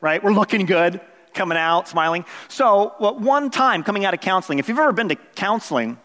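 A man's voice: sits high, fairly quick, in a large hall. A middle-aged man, a pastor, telling a personal story in a sermon, acting out the voices of people in it and joking with the congregation. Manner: animated, acts out quoted voices, jokes with the congregation.

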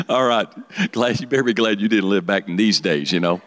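A man's voice: lowish voice, normal speed. A man preaching a sermon to young people, joking and calling for responses. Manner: lively, joking, calls for audience responses. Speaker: youth pastor.

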